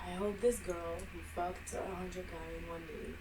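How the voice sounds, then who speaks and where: A woman co-hosting a casual podcast chat, teasing and quick with giggly asides. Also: fairly low pitch, fairly even intonation, distant mic, background noise. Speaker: podcast co-host.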